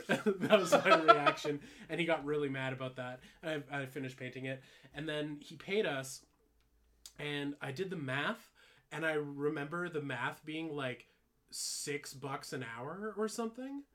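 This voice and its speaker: A young podcast co-host with a fairly bright voice on the high side tells a long story in an animated, unhurried way. He rambles, fills it with "like," laughs along and swears freely.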